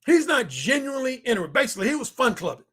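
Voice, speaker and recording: Guy telling a story, super high bright voice, animated, keeps repeating himself. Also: fast, breathy edge. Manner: animated, repetitive, acts out quotes. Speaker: dating commentator. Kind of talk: casual storytelling monologue.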